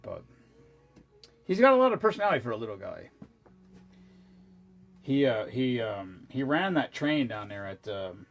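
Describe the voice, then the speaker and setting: A man's voice: medium pitch, big pitch swings, normal speed, pauses often, faint music behind. A tired man chatting casually to his viewers, rambling with many restarts and asides and the odd swear word. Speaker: vlogger. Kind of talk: casual chat.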